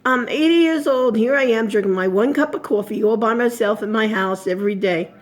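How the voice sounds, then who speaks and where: A woman's voice: fairly high pitch, a little fast, lightly acted. A woman voicing a friendly, proud elderly male navy veteran, in a folksy, conversational way in a spoken story. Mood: wistful.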